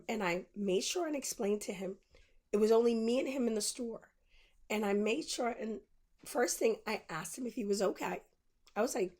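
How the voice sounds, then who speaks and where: A woman's voice: fairly high pitch, moderate pace, darkish tone. A woman podcast host telling a personal story in a candid monologue, acting out both sides of the conversations she recounts.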